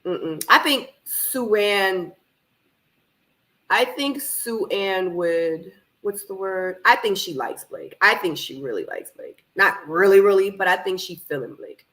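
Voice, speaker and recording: A woman hosting a live reaction stream from her home office, a little hoarse from being under the weather, animated and laughing as she talks back to the screen. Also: mid-range voice, slow, poor audio. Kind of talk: casual live watch-party chat. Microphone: camera microphone.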